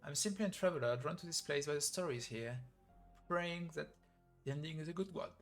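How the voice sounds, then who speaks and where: A man voicing a calm, mysterious young woman traveler in a video game story, speaking in a soft, measured way. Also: fairly high pitch, soft background music. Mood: evasive.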